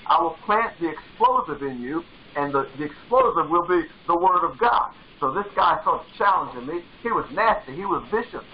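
High-voiced fervent preaching man. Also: expressive, moderate pace, lo-fi sound. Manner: fervent, repeats phrases for emphasis. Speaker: pastor. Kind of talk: sermon.

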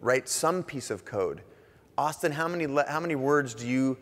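Casual, animated male conference speaker. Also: medium pitch, moderate pace. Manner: casual, animated, jokey, swears now and then. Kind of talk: conference talk. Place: large conference hall on stage. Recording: long hall reverb.

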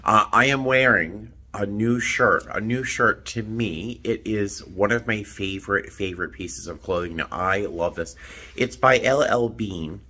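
A man vlogging from a hotel room, chatting casually to the camera. His voice sits fairly low but has a bright, forceful edge. He rambles in an easy, self-deprecating way. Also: measured pace, husky. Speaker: flight attendant vlogger. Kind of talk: casual vlog talk to camera.

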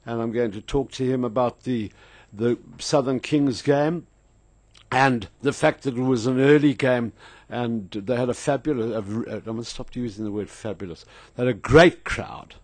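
A man's voice: mid-range voice, normal speed, no echo. An older man with a South African accent, hosting a radio show in a casual, rambling storytelling manner full of fillers. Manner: rambling, anecdotal, frequent fillers. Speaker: radio host. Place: radio studio.

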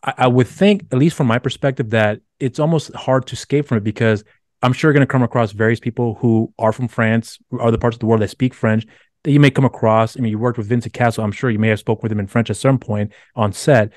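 A man's voice: mid-range voice, steady tone, fast, a little mellow, no echo, studio quality. A man hosting a podcast interview, asking long, winding questions. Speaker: podcast host. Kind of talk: casual interview chat.

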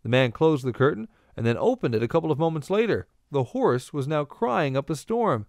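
A man reading scripted bartending instruction and bar jokes in a deadpan, joke-telling manner. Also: on the high side, a little fast, no echo, clean studio sound.

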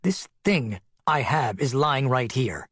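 A man's voice: medium pitch, expressive, takes it slowly, a bit bright, slightly rough, dry recording, clean studio sound, exaggerated voice. A man playing a sardonic skeptical doctor. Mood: heated. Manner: sardonic, cutting. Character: skeptical sardonic middle-aged male doctor.

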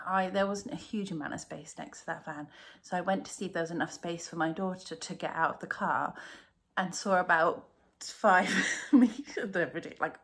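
A woman's voice: lowish voice, fairly bright tone. A woman, a cross-stitch vlogger chatting casually to camera in a rambling, self-mocking way.

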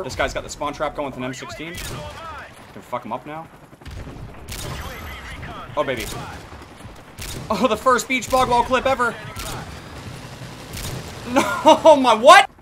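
A young man with a hoarse, scratchy throat commentates a shooter game, his pitch leaping all over as he swears and breaks into sudden yells. His voice sits a little high for a man. Faint game gunfire runs underneath. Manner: excitable, swears a lot, sudden shouting outbursts. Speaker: gaming video creator. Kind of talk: live gameplay commentary.

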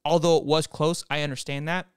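A man's voice: a little high, level tone, a little fast, clear, resonant tone, no echo, clean studio sound. A man hosting a fan sports show, breaking down a football game in casual commentary that talks straight to viewers, with frequent restarts.

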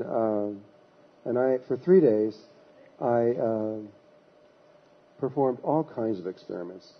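A man, a spiritual teacher, telling a story in a halting way with frequent restarts in a husky voice. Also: on the low side, highs cut off. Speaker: spiritual teacher giving a talk. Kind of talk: anecdotal storytelling talk.

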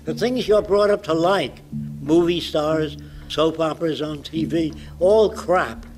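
A man's voice: on the high side, measured pace, darkish tone, soft background music, rough recording. A man in his nineties giving a public lecture in a blunt, provocative way. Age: 90s.

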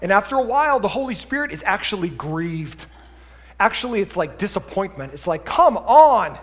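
A man preaching a sermon as pastor, lively and conversational, swinging between quiet asides and loud emphatic bursts. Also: sits high, brisk, in a large hall. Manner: animated preaching, drops to a quiet voice for acted asides then climbs loud. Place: church sanctuary.

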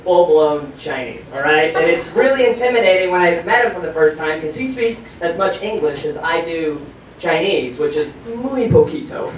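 A man performing a stand-up comedy set on a club stage, animated and profane, shouting his punchlines. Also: high voice, a little hiss or hum. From United States. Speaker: stand-up comedian hosting a show. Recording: very echoey club audio, from far off.

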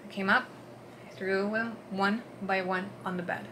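A woman vlogger recounting a personal story in an earnest, halting way, dropping to a hush and then pushing hard. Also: mid-range voice, steady tone, background noise. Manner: earnest, halting, swings between hushed and forceful.

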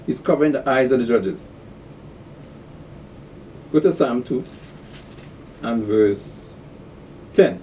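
A man's voice: medium pitch, lively intonation, dark tone, distant mic. Man teaching scripture with rhetorical questions. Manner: repeats key words, asks rhetorical fill-in questions; reads scripture aloud slowly, then explains it. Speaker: bible class teacher.

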